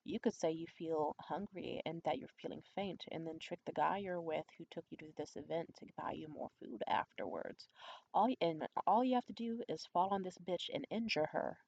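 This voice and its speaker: A woman's voice: moderate pace, gravelly, highs cut off. A young adult woman vlogger telling a candid, profane story in a conspiratorial way. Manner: acts out quoted voices high and loud. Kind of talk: storytime vlog.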